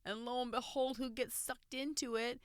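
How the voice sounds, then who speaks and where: A woman's voice: on the high side, level tone, normal speed, no echo, clean studio sound. A woman co-hosting a podcast, chatting casually and emphatically about a movie. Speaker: podcast co-host.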